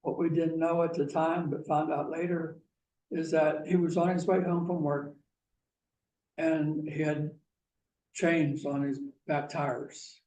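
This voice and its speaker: A man from Pennsylvania giving a talk, telling a personal story slowly and deliberately. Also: a little high, flat delivery, mellow. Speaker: guest speaker. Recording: echoey room, mic far off, faint hiss.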